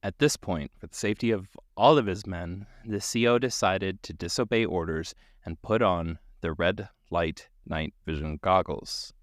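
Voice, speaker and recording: A man's voice: deep voice, moderate pace, hardly any pauses, no echo, studio quality. A man hosting a podcast, telling a story dramatically, swearing casually and laughing often.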